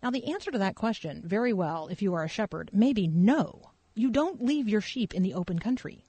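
A woman pastor with a lilt tells a story from the pulpit in a relaxed, chatty way. Her voice sits in a middle register. It is recorded close and dry, with no room sound. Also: mid-range voice, brisk, breathy edge, dry recording. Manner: casual, animated storytelling with fillers. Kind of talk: conversational sermon storytelling.

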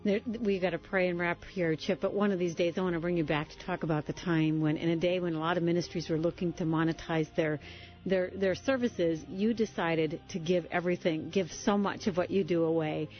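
Female radio host, lowish voice, slightly muffled, faint music underneath. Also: fairly even intonation, fairly quick. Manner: warm affirmations, prayerful. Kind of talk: interview hosting and closing prayer.

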